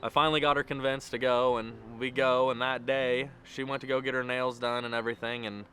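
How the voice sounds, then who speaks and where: A man's voice: medium pitch, flat delivery, fairly quick, sharp tone, soft background music. A young man telling how he proposed, then giving a wedding toast, in a rambling, run-on way. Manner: rambling, run-on storytelling with many "and"s. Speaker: groom. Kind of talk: casual storytelling and wedding toast.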